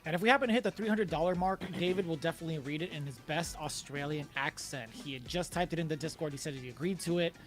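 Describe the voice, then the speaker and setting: Man, higher voice, playful esports banter, music clearly behind. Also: fast talker, few pauses. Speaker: commentator. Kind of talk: esports commentary.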